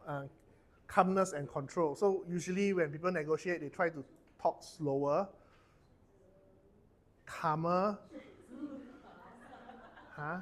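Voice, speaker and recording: A man's voice: on the high side, slow, long pauses. A middle-aged man with a Malaysian English accent leading a corporate training workshop, chatty and loose, dropping lah and lor at the end of his sentences.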